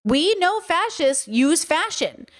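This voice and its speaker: Her voice very high-pitched and sing-song, this woman speaks slowly as she hosts a commentary livestream. She's emphatic and keeps asking her audience rhetorical questions.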